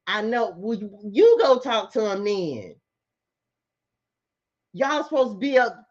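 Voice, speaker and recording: A middle-aged woman gives a casual tarot reading in a mid-range, sing-song, darkish voice, taking it slowly with long pauses. A spiritual tarot reader, she chats sassily and speaks straight to her viewers, and the lo-fi audio is slightly muffled.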